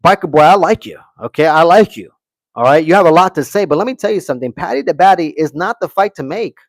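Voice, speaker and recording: Speaking fast in an animated voice on the high side, a man hosts a fight-commentary live stream, brash and opinionated, reading chat aloud and answering it. He repeats "okay" and "guys," and the recording is dry.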